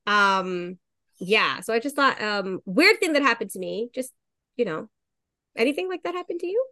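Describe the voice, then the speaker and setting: A woman's voice: on the high side, very animated, fairly quick, pushed and bright. Chatty woman podcast host telling stories. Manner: chatty storytelling with many fillers and laughs. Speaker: podcast host and dog trainer. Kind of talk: casual podcast chat.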